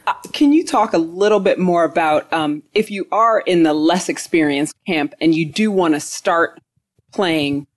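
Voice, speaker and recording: A woman's voice: fairly low pitch, a little slow. A woman from the audience asking a question at a live panel, hesitant and full of fillers. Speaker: audience member.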